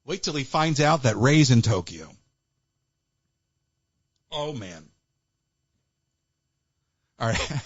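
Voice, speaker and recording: A man hosting a live call-in stream, chatty and animated, with Yiddish asides. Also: mid-range voice, slow pace, pauses often, breathy edge, no echo. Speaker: livestream host taking calls. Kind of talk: casual chat. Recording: dull lo-fi livestream audio.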